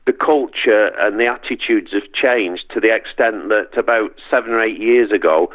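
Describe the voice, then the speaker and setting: A middle-aged man from Northern England with a Manchester accent, chatting as an interview guest in a halting way with lots of restarts. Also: fairly low pitch, narrow, tinny audio. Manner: halting, many restarts and repeats. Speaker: guest, performer. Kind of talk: casual interview chat.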